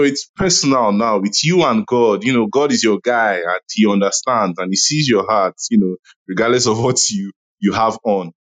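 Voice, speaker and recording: A man's voice: deep voice, dull audio. A man in a casual online audio room discussion, chatty and laughing, with many "you know"s. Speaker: Clubhouse room speaker.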